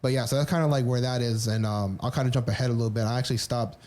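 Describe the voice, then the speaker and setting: A man's voice: medium pitch, fairly even intonation, very fast, a little mellow. A man on a podcast candidly telling his personal story, rambling with frequent restarts and casual swearing. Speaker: podcast co-host.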